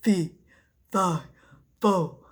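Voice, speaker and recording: A woman's voice: lowish voice, very slow, husky, voice pushed down, exaggerated voice. A woman voicing a huge menacing male giant in a children's story, chanting his words. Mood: booming. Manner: chanting, building from hushed to loud.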